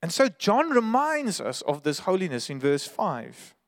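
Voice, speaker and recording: A man's voice: high-pitched, wildly swooping pitch, a little slow, long reverb tail. A man preaching a sermon as pastor, earnest and emphatic, sometimes restarting his words.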